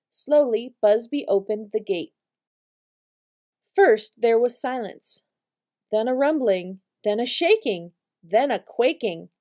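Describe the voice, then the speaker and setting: A woman reading a picture book aloud to preschool children, with expressive storytelling. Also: fairly high pitch, slow pace, long pauses. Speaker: storytime reader.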